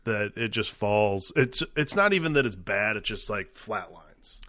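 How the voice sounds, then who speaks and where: A man co-hosting a podcast chimes in with relaxed, agreeable remarks about a film. His voice sits low with a forceful edge. The sound is dry and close. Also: measured pace, few pauses, no room sound. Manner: laid-back, agreeable, brief replies. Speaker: podcast co-host. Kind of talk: casual movie review chat.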